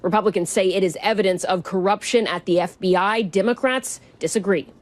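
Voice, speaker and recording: A woman news correspondent giving a brisk, measured report from outside in the snow. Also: medium pitch, no room sound. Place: outdoors in snow.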